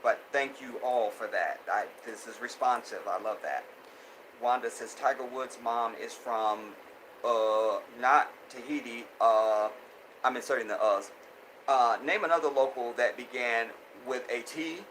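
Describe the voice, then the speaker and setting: Bright-voiced man hosting a chatty live stream. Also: medium pitch, measured pace, a little hiss or hum, low-quality recording. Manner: animated, laughs often, repeats phrases. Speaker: host. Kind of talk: casual live-stream commentary reading chat.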